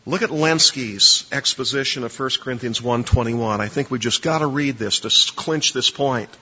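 A man's voice: medium pitch, normal speed, sharp tone, husky. A man lecturing a class on preaching, emphatic, quizzing listeners to fill in blanks in their notes. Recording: dull lo-fi recording with long reverb.

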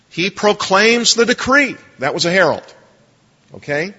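A man's voice: sits high, sing-song, a little slow, pushed and bright, breathy edge. Emphatic male lecturer in reverberant hall. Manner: emphatic, quizzes listeners to fill blanks. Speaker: seminary lecturer on preaching. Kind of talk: classroom lecture. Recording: dull lo-fi recording with long reverb.

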